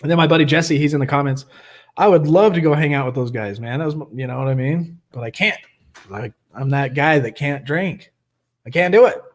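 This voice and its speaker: A man's voice: on the high side, brisk. Chatty joking man hosting a live stream. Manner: joking, chatty, laughs often. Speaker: host of a live recovery meeting. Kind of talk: casual livestream chat. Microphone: webcam.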